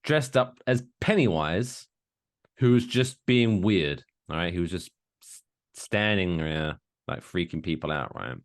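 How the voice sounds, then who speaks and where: A man's voice: deep voice, expressive, unhurried. A man in his thirties co-hosting a podcast, rambling and joking crudely in casual chat. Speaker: podcast co-host.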